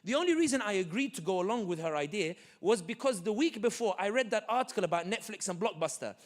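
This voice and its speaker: A man giving an animated, joking community talk full of stories and quick asides. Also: high voice. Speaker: guest speaker. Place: community center hall.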